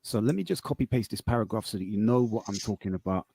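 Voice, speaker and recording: A man's voice: fairly low pitch, fast talker, vocal fry, mellow, husky, no echo. A man on a live podcast call, arguing casually, swearing and reading aloud off his screen. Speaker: podcast host.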